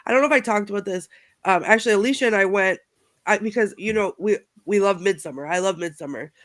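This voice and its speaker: Chatty panelist with a bright voice. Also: medium pitch, quick pace. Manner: chatty, uses fillers like "like". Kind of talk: casual panel chat.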